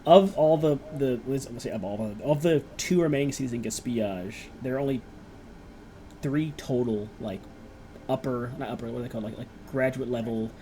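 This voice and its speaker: A man's voice: medium pitch, normal speed, mellow, a little hiss or hum, poor audio. A young man acting as game master, rambling through descriptions and encouraging his players. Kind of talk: narrating a tabletop game.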